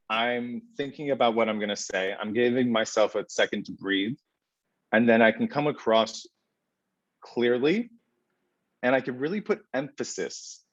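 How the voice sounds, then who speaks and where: A man giving relaxed, conversational answers as a podcast guest, with many fillers and deliberate pauses. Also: on the low side, no room sound, lo-fi sound.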